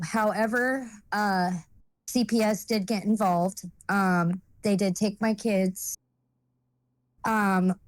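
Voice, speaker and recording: A woman's voice: medium pitch, darkish tone, dry recording. A woman speaking as a guest and telling a personal story in a blunt, rambling way, with lots of fillers and swearing.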